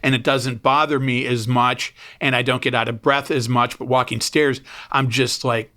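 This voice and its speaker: Joking male podcast host, bright voice. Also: medium pitch, level tone, normal speed. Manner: joking, self-mocking. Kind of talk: casual chat. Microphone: studio microphone.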